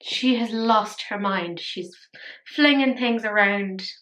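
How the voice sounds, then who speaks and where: Tired, chatty woman with a bright voice. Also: medium pitch, takes it slowly. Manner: chatty, playful, self-mocking. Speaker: beauty vlogger. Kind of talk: casual makeup tutorial chat.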